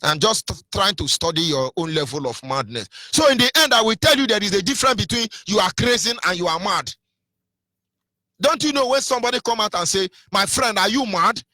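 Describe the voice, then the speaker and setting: A man's voice: high voice, animated, fairly quick, pushed and bright, no room sound. A man with a Nigerian accent giving a fiery political sermon on radio, asking rhetorical questions and half-singing some phrases. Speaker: activist radio speaker.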